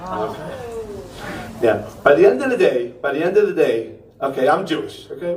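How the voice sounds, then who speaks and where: Young man, stand-up comic, slightly high voice, ranting delivery, echoey room, mic far off. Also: very animated, moderate pace, darkish tone. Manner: ranting, punchy asides with frequent "okay?". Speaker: stand-up comedian. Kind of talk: stand-up set. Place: pop-up theater stage. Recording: roomy theater sound from far off.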